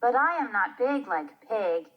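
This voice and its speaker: A woman's voice: fairly high pitch, very animated, measured pace, dull audio. A woman reading the part of a modest, helpful cat in a children's play. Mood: earnest.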